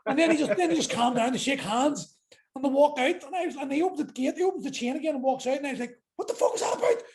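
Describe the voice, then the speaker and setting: An Irish man tells rowdy stories on a podcast, animated, laughing easily, swearing often. His voice sits high for a man. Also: fast. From Ireland. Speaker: podcast guest, MMA fighter. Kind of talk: casual storytelling.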